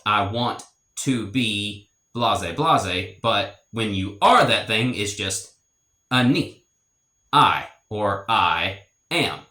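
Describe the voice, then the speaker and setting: A man teaching grammar in a slow, deliberate lesson, repeating each example phrase. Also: fairly low pitch, bright, forceful tone, roomy sound. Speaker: language teacher. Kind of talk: explanatory language lesson.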